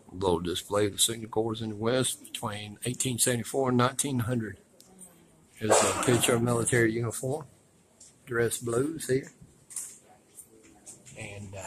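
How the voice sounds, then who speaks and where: A man narrating casually as he films his walk through a museum, rambling and folksy and quick to complain. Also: mid-range voice, noisy background. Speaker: vlogger touring a museum. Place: indoor museum.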